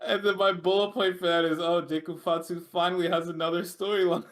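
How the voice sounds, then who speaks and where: High-voiced man laughing through recaps. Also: flat delivery, fairly quick. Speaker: podcast co-host. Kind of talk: casual wrestling recap chat.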